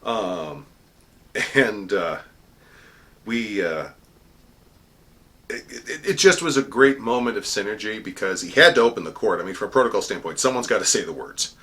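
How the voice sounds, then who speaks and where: Speaking at a normal speed with frequent pauses, a middle-aged man who serves as a court herald recounts an event in a casual monologue, stumbling through fillers and restarts. His tone is sharp and animated, and court cries come out as booming formal proclamations.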